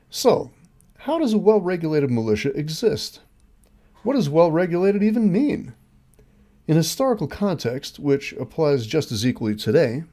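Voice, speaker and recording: A man's voice: a little high, warm tone. A man hosting his own show, reading scripted commentary in an earnest, emphatic way with rhetorical questions. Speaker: host.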